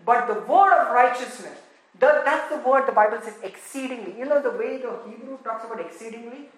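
A woman with an Indian accent delivers a fervent sermon in a high, ringing voice. She swings between loud exclamations and near-whispered murmurs. The sound comes from a church hall that is thick with echo. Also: fairly quick. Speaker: preacher. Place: church in Texas.

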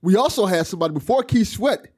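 Male podcast co-host, animated storyteller, lively and slightly high-pitched. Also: fast talker, breathy edge. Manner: animated storyteller, explains things at length. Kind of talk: casual chat.

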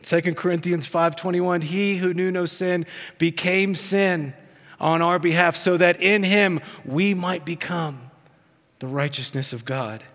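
A man's voice: high voice, steady tone, a little slow, a bit bright, in a large hall. A man in his thirties, a pastor preaching a sermon in a church, earnest and building emphasis through repetition. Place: church sanctuary.

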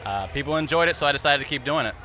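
A comedian from California speaking confidently and upbeat in an interview. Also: male voice, on the high side, expressive, very fast, sharp tone, a little hiss or hum.

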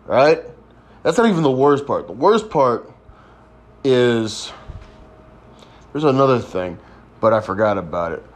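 A man's voice: mid-range voice, very animated, unhurried, pauses often. A young man in his twenties telling a rambling, crude story in a casual chat. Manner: crude, rambling, laid-back. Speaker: podcast host.

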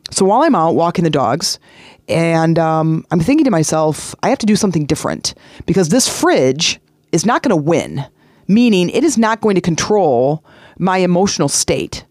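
A middle-aged self-help podcast host speaks at a normal pace in a fairly low, slightly mellow, sing-song voice. Her delivery is earnest and conversational, with repeated points and lilting emphasis. The audio is studio quality and free of echo.

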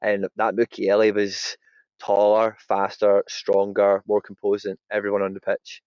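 Rambling man, low voice. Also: completely flat delivery, unhurried, darkish tone, smooth, no echo. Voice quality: rambling, keeps adding "you know what I mean". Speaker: podcast guest. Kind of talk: casual football chat. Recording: dull dry sound.

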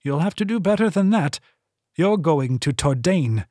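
Male narrator doing an imperious older woman leader for an audiobook; slow, lifted pitch, dry close sound. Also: lively intonation, a little mellow, dry recording. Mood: commanding. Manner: stern, imperious, measured. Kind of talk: audiobook character voice.

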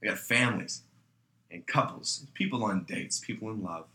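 Young dude, super bright tone, swears a lot, rambling kitchen story. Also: male voice, lowish voice, lively intonation, normal speed. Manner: profane storyteller who shouts out the voices in his stories. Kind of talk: casual chat.

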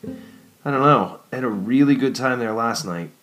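A worn-out young man who answers with dry humor and quiet resignation, voiced by a male narrator. He speaks low-key and a touch subdued. Soft guitar sits behind the voice. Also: normal speed, a little hiss or hum, close to an everyday voice, rough recording. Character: weary young man, recently separated.

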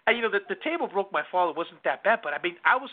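A wrestler calls in and tells a story in a lively, laughing way, peppered with "dude" and "bro". His voice sits high for a man. The sound is thin and boxy, like a phone line. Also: rapid-fire. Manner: animated, laughs often, says "dude" and "bro". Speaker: guest wrestler. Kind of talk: casual storytelling.

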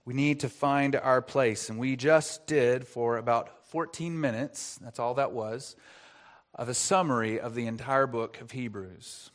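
A man's voice: mid-range voice, steady tone, measured pace. A man preaching an expository sermon as pastor, earnest, asking rhetorical questions and stressing key words.

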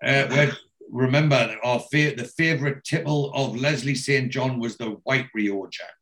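On a laid-back podcast, a male host at medium pitch and moderate pace walks through a TV episode one scene at a time. Reciting what the characters said, he keeps linking the quotes with a regular "he says".

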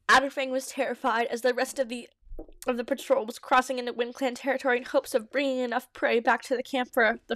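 A woman's voice: fairly high pitch, a bit bright. A woman reading her old story aloud and stopping to comment, giggly and full of likes and ums. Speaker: fanfiction reader and podcaster.

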